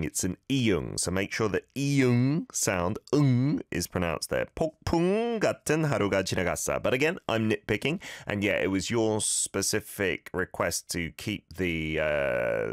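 A man with a very low voice hosting a radio show, walking listeners through pronunciation with patient, gently corrective explanations. The studio sound is close and dry, with no room echo. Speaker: radio host.

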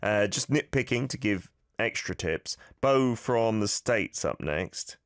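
A male radio host giving listeners patient, explanatory pronunciation tips in a relaxed on-air manner. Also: on the low side, takes it slowly, clear, resonant tone, no room sound, clean studio sound. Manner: patient, explanatory, gently corrective.

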